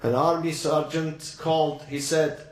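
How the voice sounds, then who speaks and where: High-voiced man preaching a story, echoey. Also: little pitch movement. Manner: dramatic, slows and drops low for emphasis. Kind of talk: emotional sermon storytelling.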